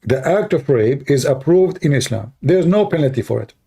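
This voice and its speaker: Guy ranting on a livestream debate, kinda high voice, broken english, keeps challenging ppl. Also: lively intonation, normal speed, gravelly, dark tone, slightly rough. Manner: confrontational, challenging listeners; broken non-standard English grammar.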